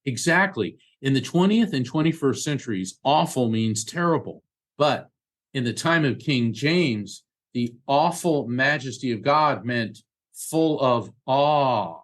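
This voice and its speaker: A man talking in a relaxed interview, telling stories and explaining history with lively asides. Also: medium pitch, measured pace. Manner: animated storyteller, acts out voices in quotes. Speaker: guest, medium and lecturer. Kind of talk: casual conversation.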